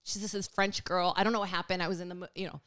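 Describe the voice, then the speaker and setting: A woman telling a story in casual podcast chat, fast and full of "like" fillers, laughing often. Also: lowish voice, fairly even intonation, fairly bright tone, no echo. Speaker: podcast guest.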